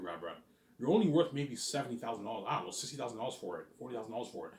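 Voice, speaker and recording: Man, casual rambling vlog, lively up-and-down intonation, fillers and swearing, echoey room. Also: mid-range voice, racing. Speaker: vlogger. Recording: roomy echoing room.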